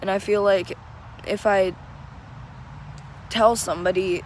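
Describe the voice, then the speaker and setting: A teenage girl speaking in a halting, tearful personal confession, searching for words as she goes. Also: mid-range voice, steady tone, darkish tone, slight background noise, poor audio. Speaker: vlogger.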